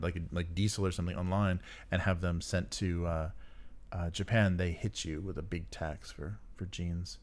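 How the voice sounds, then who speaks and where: A man with a notably deep, low-pitched voice chats casually as a podcast co-host. He rambles through his points, full of fillers and quick chuckles. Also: darkish tone. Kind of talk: casual chat about tabletop games.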